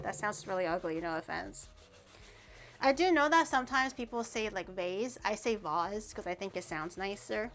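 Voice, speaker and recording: A woman's voice: mid-range voice, background noise. A woman streamer chatting casually with her viewers while baking in her kitchen, playful and teasing as she reacts to chat. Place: home kitchen.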